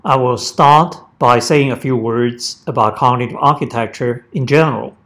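A professor giving a prepared lecture, speaking in measured, deliberate phrases. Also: male voice, mid-range voice, fairly bright tone. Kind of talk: prepared academic presentation.

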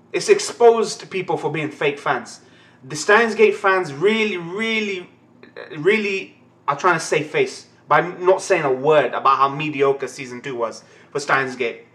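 A young man giving a live anime reaction, excitable and ranting, swearing constantly. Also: a little high. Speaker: anime reaction channel host.

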